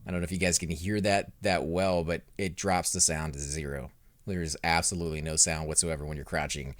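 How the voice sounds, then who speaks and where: A young man hosting a let's play, commentating his fights and chatting with viewers, growing loud and excited during combat. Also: a bass voice, fairly quick, no room sound. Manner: excitable, reacts loudly to in-game fights, talks to chat. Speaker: gaming channel host.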